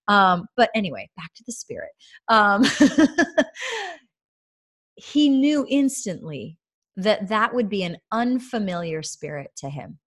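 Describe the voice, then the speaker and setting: A woman in her thirties talks casually to her viewers about faith, in the manner of a storytelling mother. Her delivery is animated, with frequent laughs. At moments she sinks into soft, near-whispered tones. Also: fairly low pitch. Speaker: mother sharing a faith lesson.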